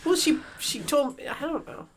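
A woman's voice: high voice, expressive, normal speed. A woman co-hosting a podcast in casual chat, giggly and self-deprecating. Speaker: podcast co-host.

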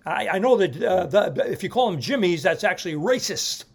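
A man's voice: high voice, expressive, moderate pace, husky, exaggerated voice. A man doing a stammering old film star. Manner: stuttering repetitions. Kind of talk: improvised celebrity impression.

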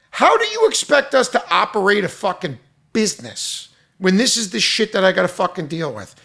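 A man rants in a high, gravelly voice that swings wildly up and down as he vents. He is loud, profane and exasperated. His delivery is full of mocking retellings. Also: big pitch swings, a little fast. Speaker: restaurant owner venting. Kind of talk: angry profane rant.

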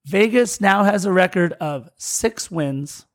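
A man with a notably high voice co-hosts a casual soccer podcast. He runs through match results in a brisk, wry manner, throwing in jokes as he goes. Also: lively intonation. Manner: quick, jokey recap delivery. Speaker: podcast co-host. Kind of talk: casual sports podcast chat.

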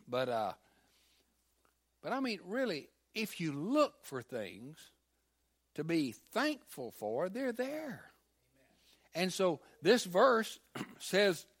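An older man preaching a sermon as pastor, animated, swinging between loud emphasis and hushed asides. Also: fairly high pitch.

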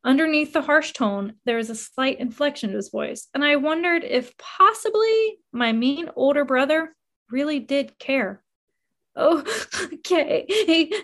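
A woman narrating a first-person memoir in an expressive reading that rises with emotion. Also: sits high, moderate pace.

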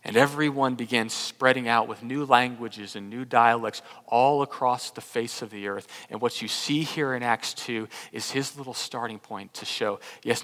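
A man from Texas, preaching a sermon as pastor, stumbling and repeating words, swinging from loud emphasis to hushed tones. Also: medium pitch, steady tone, normal speed, hardly any pauses, long reverb tail.

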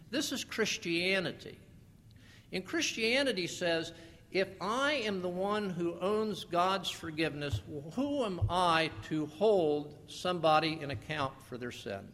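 A man preaching a sermon as pastor, animated, slowing down for scripture and putting questions to the congregation. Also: fairly high pitch, gravelly. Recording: long reverb of a large hall.

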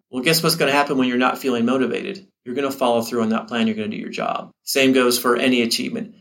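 A man's voice: mid-range voice, fairly bright tone. Chatty man teacher giving pep talk. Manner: conversational, repeats words and restarts, acts out his own inner dialogue. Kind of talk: casual motivational talk to camera.

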